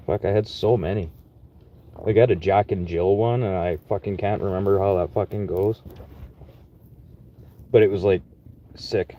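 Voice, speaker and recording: A young man from Manitoba talks in a low voice, swearing freely as he rambles casually about work and money. His delivery is relaxed and chatty, and the recording sounds dull and lo-fi. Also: normal speed, vocal fry. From Manitoba, Canada. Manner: profane, laid-back and chatty. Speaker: construction worker vlogging.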